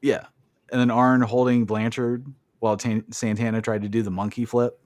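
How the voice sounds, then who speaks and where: A man's voice: medium pitch, level tone, moderate pace, a little mellow, no room sound. A man hosting a podcast, recapping a wrestling match in casual chat and swearing freely. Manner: swears freely, blunt opinions. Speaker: podcast host.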